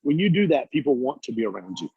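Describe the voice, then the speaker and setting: A man giving an energetic, preachy motivational talk on a video call, casual and blunt as he tells stories. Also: mid-range voice, fast talker, vocal fry, husky, dry recording. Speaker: guest speaker, business coach. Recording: dull lo-fi call audio.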